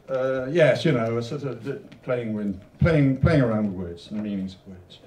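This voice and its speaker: A man's voice: medium pitch, moderate pace, few pauses, dark tone. A male poet introducing and reading his own rhyming poems, chatty in his asides and rhythmic in the verses. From Wales. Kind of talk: poetry reading with spoken introductions. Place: literature venue hall. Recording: roomy, distant mic.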